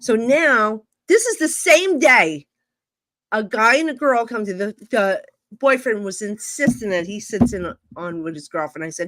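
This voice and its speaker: A woman psychic medium telling stories casually on a live stream video call, blunt and animated, acting out both sides of each exchange. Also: mid-range voice, normal speed, no room sound.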